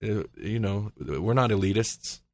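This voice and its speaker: A man's voice: on the low side, unhurried, no echo. A man hosting a casual podcast chat, rambling with lots of fillers and frequent laughs. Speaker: podcast host.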